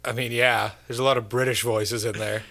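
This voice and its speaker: A man's voice: mid-range voice, flat delivery, brisk, creaky, pushed and bright. A man co-hosting a podcast in casual chat, dropping dry, wry asides. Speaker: podcast co-host.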